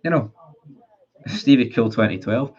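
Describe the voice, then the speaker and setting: Scottish male fan streamer, mid-pitched, heated sweary rant, dull lo-fi audio. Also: unhurried, a little mellow, slightly rough. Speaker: football fan livestreamer. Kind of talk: ranting live stream chat.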